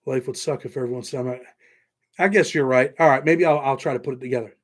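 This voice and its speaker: A middle-aged man hosts a casual livestream at a quick pace in a medium-pitched voice, chatting loosely with viewers and thanking them by name. He's from New York, with a Southern-tinged American accent.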